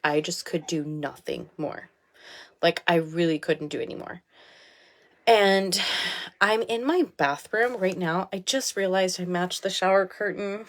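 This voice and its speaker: Brief: woman in her 30s, live video from a small bathroom, candid and heartfelt, quick to laugh, lowish voice. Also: fairly bright tone. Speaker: life coach. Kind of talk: casual live video talk.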